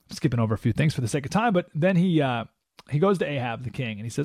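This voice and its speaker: A man's voice: mid-range voice, fast, darkish tone, dry recording, studio quality. A man hosting a radio talk show, giving an emphatic, opinionated monologue and acting out the voices he quotes. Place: radio studio.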